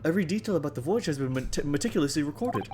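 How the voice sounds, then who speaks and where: A man's voice: a little high, lively intonation, racing, background noise. A man streaming a game, reading its dialogue aloud with casual, wry asides.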